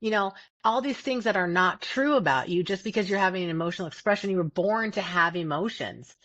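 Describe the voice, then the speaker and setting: A woman with a mid-range, fairly bright voice talks a little fast as a podcast host, casually and earnestly discussing feelings in a self-help vein. She stresses her points and often repeats words, and the recording sounds dull, dry, and lo-fi.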